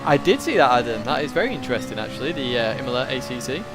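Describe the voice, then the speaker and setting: A man at medium pitch speaks in a racing, sing-song way as he streams his sim race, giving live commentary and reading chat. Between mumbled asides while driving, music plays in the background along with the game's engine sounds.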